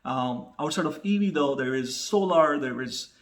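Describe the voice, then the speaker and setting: Male host for a casual stock-talk channel, slightly high pitch, loose and chatty, lots of "okay?" check-ins. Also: lively intonation, moderate pace. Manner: chatty, many fillers and "okay?" asides; loud upbeat opening jingle shout.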